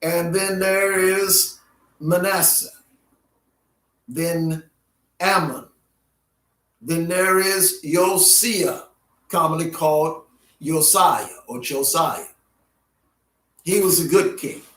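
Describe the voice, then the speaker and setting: Slow, high-voiced man teaching Bible history. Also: steady tone, fairly bright tone. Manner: unhurried, repeats names in alternate pronunciations. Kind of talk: classroom Bible history lecture. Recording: roomy sound from a distant mic.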